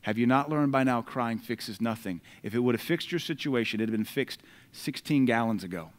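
A man with an American accent delivers a sermon in a middle-pitched voice. He reads scripture with loud, emphatic bursts and then drops into relaxed, conversational asides aimed at the congregation. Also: fairly quick. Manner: conversational asides between readings. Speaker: preacher.

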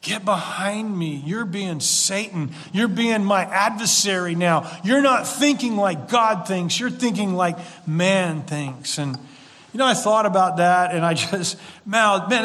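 A man with a notably high voice preaches a sermon in an earnest, conversational way, dropping folksy asides as he goes. His words ring out with a long reverb, as if in a church sanctuary. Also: a bit bright. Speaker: pastor.

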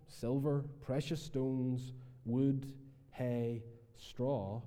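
A Northern Irish man gives a sermon in an easygoing, conversational way, often filling pauses with "uh". His voice is very dark and mellow. A long church-hall reverb trails after each phrase. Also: mid-range voice. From Northern Ireland. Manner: conversational preaching with frequent "uh" fillers. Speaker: minister.

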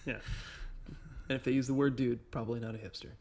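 An easygoing male podcast co-host reads listener comments and reflects on them in an unhurried way. His voice is mid-range, he chuckles along, and a faint hiss runs under the recording. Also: mid-range voice, fairly even intonation, a little mellow. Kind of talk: casual chat, reading listener comments.

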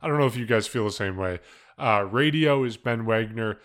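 A man's voice: lowish voice, a little fast, fairly bright tone. A man hosting a casual sports podcast, chatty and laughing often as he runs through the news. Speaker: podcast host.

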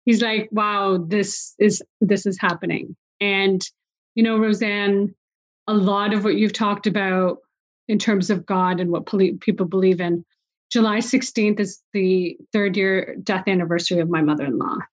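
A woman's voice: mid-range voice, fairly even intonation, normal speed. A woman in her forties speaks in an interview, telling her story with quoted back-and-forth dialogue. She sounds emotional. The recording is a bit dull and lo-fi. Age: 40s. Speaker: guest. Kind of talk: conversational interview.

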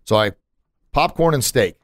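A man's voice: medium pitch, lively intonation, normal speed, no echo. A man hosting a podcast in casual chat, emphatic and motivational, with punchy asides. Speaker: podcast host.

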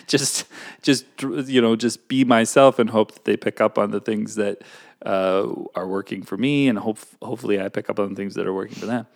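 A middle-aged man co-hosting a casual advice chat, musing aloud and acting out his own reactions with sudden high bursts. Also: fairly even intonation, moderate pace, creaky. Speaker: podcast co-host.

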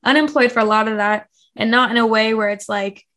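A woman's voice: a little high, steady tone, fairly quick, a bit bright. A young woman as a podcast guest, chatting casually and acting out quotes with lots of fillers. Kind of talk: casual interview chat.

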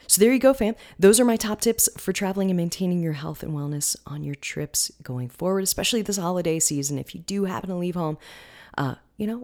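A woman's voice: low voice, vocal fry, darkish tone. A woman hosting a wellness podcast in a casual solo talk, with a groggy morning voice, chatty and often checking in with the listener.

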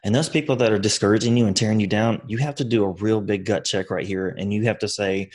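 A man with a fairly low voice, speaking as a podcast guest. He gives earnest motivational advice and often restarts his sentences. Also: steady tone, quick pace, few pauses, darkish tone. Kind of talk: conversational interview.

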